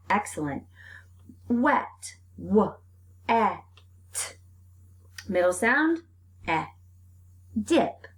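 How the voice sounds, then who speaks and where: A young woman teacher leading a phonics lesson for young children, stretching out sounds and giving encouraging praise. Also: mid-range voice. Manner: slow, drawn-out sounds with lively, encouraging praise.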